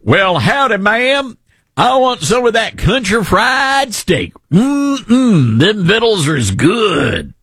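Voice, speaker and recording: A man's voice: sing-song, slow pace, fairly bright tone, husky, no echo, clean studio sound, exaggerated voice. A man putting on an exaggerated Southern accent to play a rowdy, whooping country hick. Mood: rowdy folksy. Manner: whooping, folksy, high-pitched.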